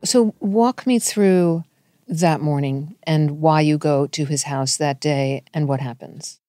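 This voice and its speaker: Interviewer woman, mellow lowish voice, dry close sound, gentle questions. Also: slow, no echo, soft background music.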